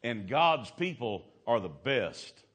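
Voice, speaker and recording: A man preaches a sermon in a folksy, colloquial manner, swinging between loud, climbing exclamations and hushed storytelling. His medium-pitched voice is slow, sing-song, and slightly rough.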